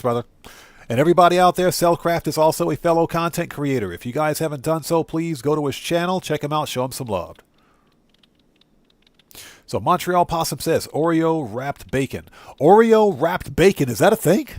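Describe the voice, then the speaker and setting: A man live-streaming a video game, chatting casually and excitably with his viewers from a home streaming setup. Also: on the high side, no room sound. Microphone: streaming setup microphone.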